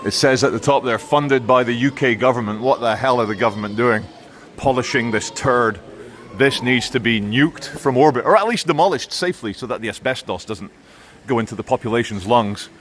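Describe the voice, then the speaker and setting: A man's voice: mid-range voice, fairly quick, fairly bright tone. A man giving blunt, sarcastic commentary in a vlog while walking outdoors through town streets. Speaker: vlogger.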